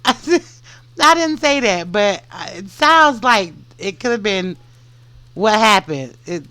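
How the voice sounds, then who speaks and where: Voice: mid-range voice, animated, slow pace, pushed and bright, smooth, dry recording. A podcast host reading a book aloud, stumbling over words and adding comments.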